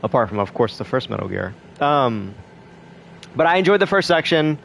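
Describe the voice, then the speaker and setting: A young man talks loosely over his gameplay, wandering through his thoughts with plenty of fillers and casual swearing. His voice sits at an ordinary middle pitch, and a faint noise hums in the background. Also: sing-song, moderate pace, creaky, a bit bright. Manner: rambling, profane, trailing fillers. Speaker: gamer.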